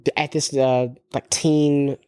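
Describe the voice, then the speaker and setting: A man's voice: a little high, flat delivery, slow pace, a little mellow, clear, resonant tone, dry recording. A man co-hosting a podcast, chatting casually and jokingly about a movie with lots of fillers. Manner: rambling, joking, full of fillers. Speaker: podcast co-host.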